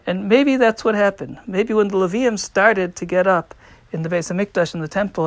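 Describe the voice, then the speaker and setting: A man's voice: high voice, normal speed, dry recording. A man teaching a religious lesson with a story, acting out the quotes with rising and falling volume. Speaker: rabbi teaching. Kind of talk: Torah talk with a story.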